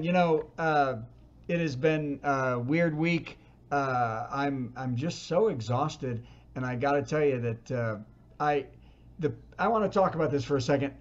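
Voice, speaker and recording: A man's voice: medium pitch, a little slow, highs cut off. A man hosting a virtual comedy show, telling a rambling stand-up story over a video call and searching for words as he goes.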